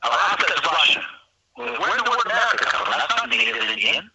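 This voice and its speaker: A man's voice: fairly high pitch, big pitch swings, fast, gravelly, distant mic, lo-fi sound, heavy background noise. A man calling in to a radio talk show, chatting casually and rambling from one tangent to the next. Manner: rambling, jumping between tangents. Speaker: call-in guest.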